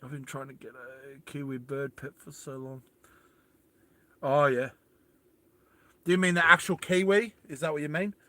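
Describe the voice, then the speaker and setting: A man with a bright, somewhat high voice hosts a live stream. He chats with viewers in a loose, rambling, self-deprecating way, full of fillers. The sound is dry and close, with no room echo. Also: fairly even intonation, moderate pace, pauses often. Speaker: livestream host. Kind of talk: casual live chat reading viewer comments.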